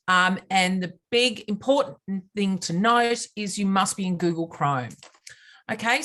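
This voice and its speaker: A woman's voice: mid-range voice, fairly bright tone. A middle-aged woman gives a casual, practical screen-share tutorial, chatting along with frequent fillers. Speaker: product team leader teaching a software walkthrough. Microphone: video call microphone.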